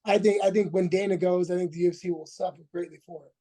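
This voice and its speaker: A man's voice: high voice, fairly even intonation, fast talker, dark tone. A man in his forties, a former fighter, telling a rambling, profane story as a podcast guest, full of restarts and acted-out quotes. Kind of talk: casual storytelling interview.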